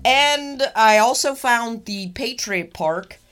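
A woman co-hosting a casual chat, animated and laughing often as she teases her co-host. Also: fairly high pitch, slow pace, smooth. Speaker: podcast co-host.

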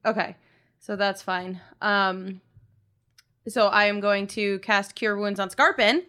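A woman's voice: medium pitch, steady tone, slow, bright, forceful tone, clear, resonant tone. A woman playing a tabletop game, playful and teasing as she declares her character's moves. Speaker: player. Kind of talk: casual tabletop play.

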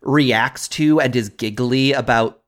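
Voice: medium pitch, slow. A podcast co-host chatting casually about a horror film, laughing often and using a lot of fillers.

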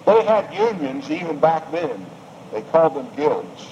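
A male preacher delivers a sermon in a slow, deliberate cadence, repeating key phrases for weight. His voice sits a little high. The recording is dull and lo-fi, with faint background noise. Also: very animated, darkish tone. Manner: emphatic, rising and falling delivery with repetition.

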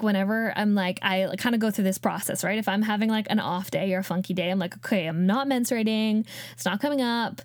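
A woman's voice: medium pitch, a little mellow, dry recording, studio quality. A young woman hosting a casual solo podcast, chatty and encouraging, with many fillers. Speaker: podcast host.

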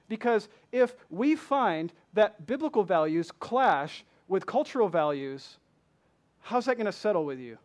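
In a high-pitched voice, this Michigan-born pastor with a Southern accent delivers an impassioned church sermon. He keeps asking his congregation rhetorical questions.

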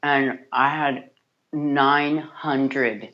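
A woman's voice: a bass voice, steady tone, extremely slow, muffled recording. A woman audiobook narrator with a scratchy, sardonic voice, chatting animatedly as an interview guest and often restarting her sentences. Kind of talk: casual interview chat.

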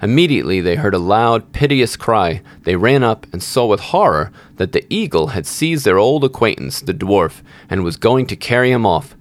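Low-voiced man narrating a fairy tale. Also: sing-song, moderate pace, few pauses. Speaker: storyteller.

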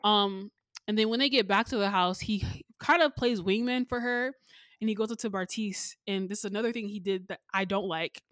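A young woman talking through a dating show recap in a casual, conversational way. She jumps up in pitch to act out what people said. Her voice sounds close and dry. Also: fairly quick, no room sound. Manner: animated storytelling, acts out people's lines with pitch jumps. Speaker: podcast host recapping a show.

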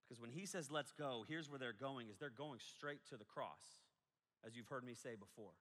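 In an echoey hall, a pastor preaches a sermon in a casual, animated way, breaking into asides and acting out quotes. His voice is mid-range and his pace moderate.

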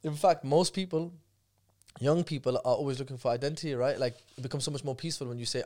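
A man talks quickly on a casual podcast. He tells stories at speed, breaking off and restarting his sentences. His voice sits at an ordinary middle pitch. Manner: fast, animated storytelling with many restarts. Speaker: guest speaker.

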